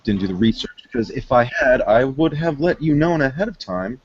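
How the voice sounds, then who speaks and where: A man's voice: medium pitch, animated, normal speed, muffled recording, close to an everyday voice. A man voicing a courteous, formal male gangster who negotiates politely.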